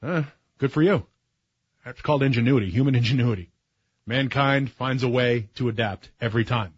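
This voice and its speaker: A man's voice: mid-range voice, normal speed, slightly rough, no echo, lo-fi sound. A man in his forties, a talk radio host, speaking in a sarcastic, opinionated monologue that builds to heated emphasis. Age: 40s. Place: radio studio.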